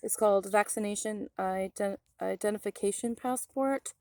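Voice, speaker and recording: A woman rambles through an outdoor vlog near a forest, full of ums and asides to her viewers. Her pitch sits in the middle for a woman. The sound is close and dry, with no room echo. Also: normal speed. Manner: coos softly to an animal in a higher voice. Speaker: vlogger.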